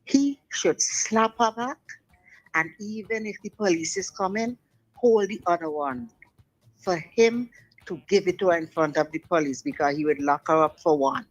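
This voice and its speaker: An older woman calling in to a radio talk show, giving forceful, preachy advice over the phone. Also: lowish voice, normal speed, rough recording. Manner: forceful, preachy advice with local dialect grammar. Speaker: caller.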